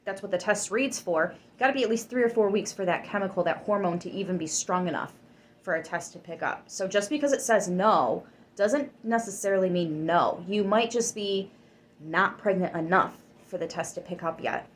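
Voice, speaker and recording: A woman's voice: medium pitch, normal speed, a little hiss or hum. A woman giving a tarot reading to her viewers. She talks emphatically, swears freely and gets worked up. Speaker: tarot reader.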